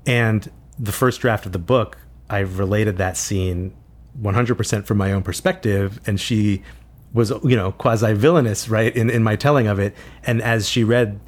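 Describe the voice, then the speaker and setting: A man being interviewed as an author, speaking reflectively and haltingly with frequent restarts. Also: fairly low pitch, steady tone. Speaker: author guest.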